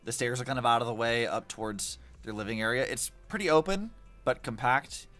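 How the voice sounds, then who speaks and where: A young man commenting casually on a game he is playing, chatty and animated with lots of fillers. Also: medium pitch, brisk, soft background music. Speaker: streamer.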